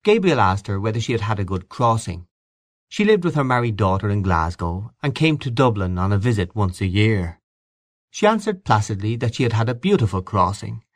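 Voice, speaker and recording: A low-voiced man narrates a literary story at a measured pace. His pitch rises and falls widely through the sentences. The recording is close and dry. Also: no room sound. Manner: measured, expressive literary reading. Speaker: audiobook narrator. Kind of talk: scripted narration.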